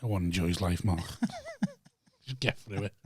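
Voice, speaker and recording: A man's voice: low-pitched, unhurried, darkish tone, husky. Blunt, bantering man. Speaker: podcast co-host. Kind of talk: casual chat.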